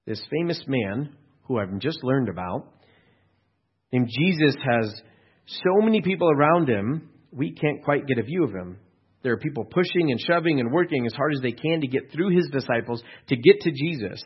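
A man's voice: mid-range voice, expressive, normal speed, breathy edge. A male pastor giving a sermon in a conversational, storytelling way, asking his listeners rhetorical questions. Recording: dull lo-fi recording.

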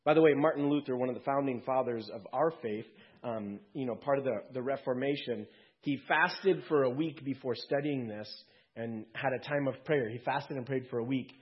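A man with a husky, slightly breathy voice preaches to his congregation. He talks in a loose, conversational way and drops light quips between points. The sound is dull and lo-fi. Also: mid-range voice. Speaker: pastor. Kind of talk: sermon.

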